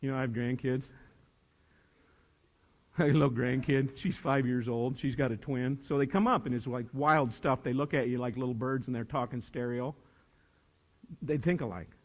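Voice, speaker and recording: An older man speaks about leadership to a young audience in a medium-pitched voice at normal speed, pausing often, with a big-room sound around him. As a motivational speaker, he mixes emphasis with jokes and repeats his key phrases preacher-style.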